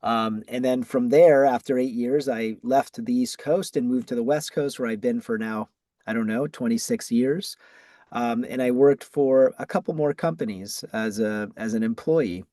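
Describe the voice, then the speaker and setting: A middle-aged man from Massachusetts with a Boston accent, answering interview questions in a measured way with frequent ums and restarts. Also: medium pitch, warm tone, dry recording. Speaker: guest, ad agency founder.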